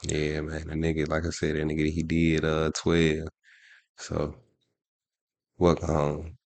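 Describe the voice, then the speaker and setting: A man's voice: very deep voice, monotone, measured pace, a little mellow, a little hiss or hum. A man co-hosting a podcast, telling a rambling, profane story in casual chat with lots of restarts. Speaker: podcast co-host.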